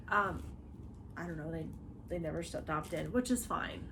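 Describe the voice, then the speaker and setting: A woman chatting casually with friends in a hotel room, telling stories and acting out what others said. Steady background noise fills the room. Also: on the low side, moderate pace. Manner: animated storyteller, quoting others with laughs. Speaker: podcast host. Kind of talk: casual chat among friends. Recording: noisy room ambience.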